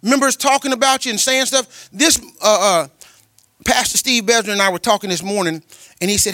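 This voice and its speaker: A man preaching a sermon as a pastor, telling personal stories in a colloquial way, with delivery that swings from loud and emphatic to quiet and tender. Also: high-pitched, a little fast, no echo, clean studio sound. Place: church.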